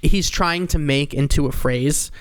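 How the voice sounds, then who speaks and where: A man's voice: on the high side, measured pace, a little hiss or hum. A man co-hosting a podcast in casual comedic chat, acting out silly voices in his jokes. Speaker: podcast co-host.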